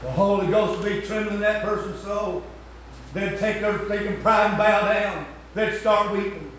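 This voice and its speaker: Older preacher man shouting in echoey hall. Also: high voice, steady tone, normal speed, slight background noise. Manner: swings from shouted to hushed. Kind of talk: sermon. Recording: echoey room, distant mic.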